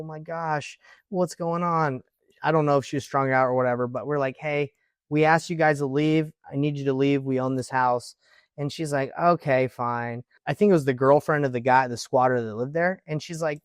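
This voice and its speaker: A real estate investor with a fairly high voice, recorded dry in a clean studio, casually tells a story to camera. His retelling is lively, acting out quoted dialogue and using "like" a lot.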